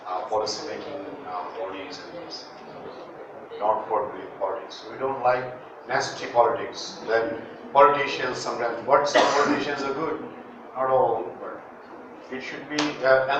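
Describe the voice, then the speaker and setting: A man's voice: mid-range voice, noisy background. A Bangladeshi man, a native Bengali speaker, teaching English pronunciation in a classroom, saying words for students to repeat and joking as he goes. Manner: drills words for students to repeat, jokes and chuckles. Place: large classroom. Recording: very echoey, distant, muffled room recording.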